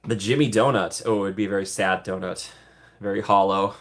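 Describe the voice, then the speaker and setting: A man's voice: lowish voice, steady tone, fairly quick. A man casually chatting on a livestream, answering viewer comments in a playful way and giggling often. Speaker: streamer answering live chat.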